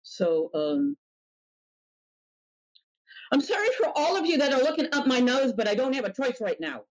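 Woman streamer, high voice, swoopy lively pitch, annoyed, sarcastic, swearing, at her desk in a small room. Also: normal speed, rough recording. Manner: irritated, sarcastic, swears a lot. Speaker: live streamer. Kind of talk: ranting live stream talk.

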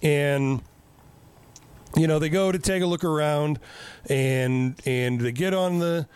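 A man's voice: a little high, slow pace, darkish tone, clear, resonant tone. A man with a slightly raised voice recaps a film in loose, rambling chat. He jokes often and swears freely. His delivery is casual and full of restarts. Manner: rambling, profane, joking storytelling.

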